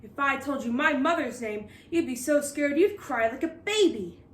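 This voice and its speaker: A woman's voice: high-pitched, expressive, normal speed, pitched above the performer's own voice. Woman doing a bold, cheeky little pirate girl. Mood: defiant. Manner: defiant, cheeky retorts. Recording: roomy echo.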